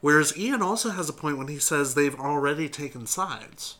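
Man, casual podcast chat, bright tone, jokey, laughs a lot. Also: on the high side, expressive, normal speed. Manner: chatty, joking, laughs often. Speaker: podcast co-host. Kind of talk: casual discussion of a book and show.

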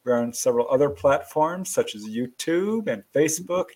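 A man's voice: a little high, lively intonation, moderate pace, a little mellow. A man hosting a live talk show, giving a station break and introducing the guest in a friendly, easygoing way. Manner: friendly, easygoing announcer, chuckles between plugs.

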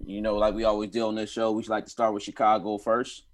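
A man's voice: on the low side, fast talker. Man hosting a casual podcast. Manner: relaxed, steers the talk. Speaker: podcast host.

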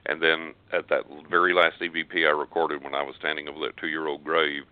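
A man's voice: very deep voice, little pitch movement, fairly quick, no room sound. An older man telling a story as a guest on a call-in radio show, earnest and rambling, with frequent restarts. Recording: tinny phone line.

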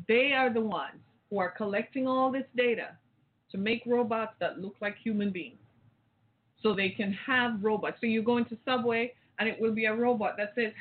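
A caller giving an impassioned, rambling rant, repeating phrases and firing off rhetorical questions. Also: mid-range voice. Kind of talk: impassioned talk-show rant. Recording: tinny phone line.

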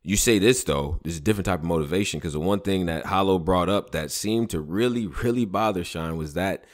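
A man hosting a casual battle rap discussion, talking in an emphatic, animated way and swearing freely. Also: low voice, fairly quick. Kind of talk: casual chat.

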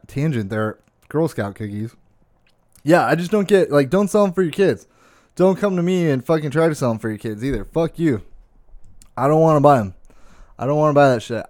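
A man's voice: mid-range voice, a little mellow, dry recording. Profane ranting young man, dry close mic. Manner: profane, exasperated ranting with constant fillers. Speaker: streamer. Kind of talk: casual ranting monologue. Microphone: close desk mic.

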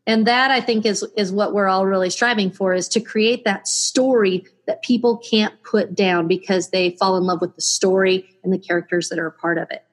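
A woman author speaks in an interview about her novels. Her voice is husky and her pitch sits in an average range. She explains things thoughtfully, circling back and restarting sentences as she goes. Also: steady tone, normal speed, few pauses. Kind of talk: podcast interview and book reading.

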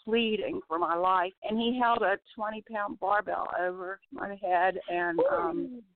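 A woman giving an emotional personal testimony by phone, halting and often restarting her sentences. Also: mid-range voice, lively intonation. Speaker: testimony guest. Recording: dry tinny phone line.

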